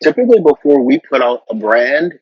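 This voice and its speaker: A middle-aged man speaks in a husky, breathy voice, earnest and advice-giving, and often repeats words as he goes. The sound is dry and dull, like a lo-fi recording. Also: mid-range voice, big pitch swings, brisk, dry recording. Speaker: interview guest, corporate marketing executive. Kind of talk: casual conversational interview.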